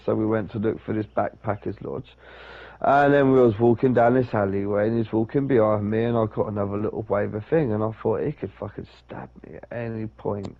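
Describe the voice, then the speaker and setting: Gravelly-voiced sweary man. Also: on the low side, fairly quick, lo-fi sound. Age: 30s. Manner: sweary, rambling, acts out other people's lines. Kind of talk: casual storytelling.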